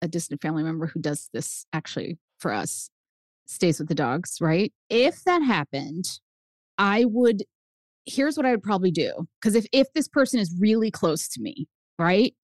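A woman guest author chatting on a podcast, animated and telling stories while acting out quoted lines. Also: on the low side, moderate pace, dry recording. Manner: animated storyteller, acts out quotes. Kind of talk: casual podcast chat.

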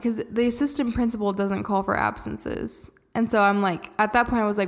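A woman's voice: a little high, steady tone, brisk. A woman in her thirties co-hosting a casual podcast, telling stories with lots of laughter and acting out the phone calls. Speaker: podcast co-host. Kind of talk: casual chat, storytelling.

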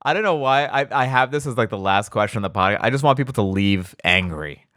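A man's voice: medium pitch, animated, quick pace, fairly bright tone, no room sound. Male podcast host, dry close sound. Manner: conversational, opinionated, swears casually. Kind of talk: casual conversation.

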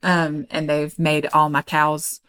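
Chatty Kentucky woman, lowish voice. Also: completely flat delivery, a bit bright, smooth. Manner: chatty, laughs often, spells out names slowly. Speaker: podcast co-host and storyteller. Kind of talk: casual podcast storytelling.

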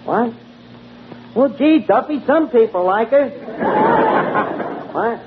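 A man's voice: very high-pitched, animated, very slow, a faint crowd, slight background noise. Tinny old radio, uh-ing tavern man. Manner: hesitant, full of "uh", folksy bad grammar. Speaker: tavern manager in a radio comedy. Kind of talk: 1940s radio comedy acting.

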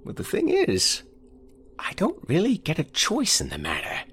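A man doing a frail old man with a raspy, quavering voice, haunted and nervous. He speaks slowly and pleadingly, his pitch lifting high and swooping about, with a creaky grain underneath. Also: wildly swooping pitch, fairly bright tone, a little hiss or hum, exaggerated voice. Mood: confessing. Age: older. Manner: slow, pleading, quavering delivery.

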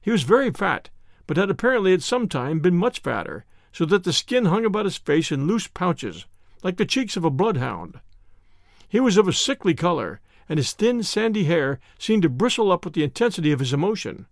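A man reading a classic detective story aloud in an expressive narration. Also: high voice, a little fast, creaky, no room sound, studio quality.

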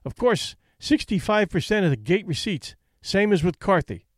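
A man's voice: high voice, sing-song, moderate pace, no room sound, studio quality, voice pushed up. A man reading an audiobook, voicing a cocky, shrewd young male boxer with a breezy, boastful manner.

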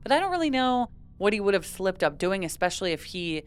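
A woman's voice: medium pitch, very animated, fast, clean tone. A young woman co-hosting a casual true-crime podcast, chatty and laughing often, with lots of "like". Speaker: podcast co-host.

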